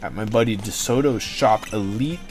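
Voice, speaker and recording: A young man chats loosely on his livestream, rambling from one joke to the next and swearing freely. His voice sits a bit low. Faint music plays behind him. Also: normal speed. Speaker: livestream host. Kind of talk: casual chat to stream chat.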